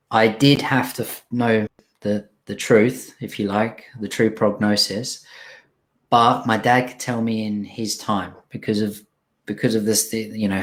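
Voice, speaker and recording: A young man speaks as a guest, relating his personal story. His voice sits somewhat low, and he is plainly emotional, halting and restarting as he talks. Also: a bit bright. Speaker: interview guest.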